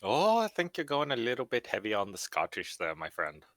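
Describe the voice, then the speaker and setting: A man's voice: on the low side, huge pitch swings, a little fast, a bit bright, dry recording, clean studio sound. An American man helping out on a live stream, teasing his friend in playful banter.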